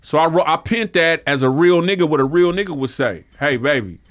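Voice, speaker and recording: A middle-aged rapper from Vallejo, California tells stories as a guest in a casual interview. His voice is a little high and fairly quick, with no echo. His manner is laid-back and streetwise, peppered with "you feel me."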